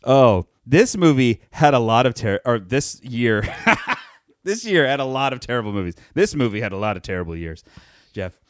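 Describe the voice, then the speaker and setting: Co-hosting a casual movie podcast, a man rambles wryly and often restarts his sentences. His medium-pitched voice is very animated at a normal speed, and the sound is studio quality with no echo.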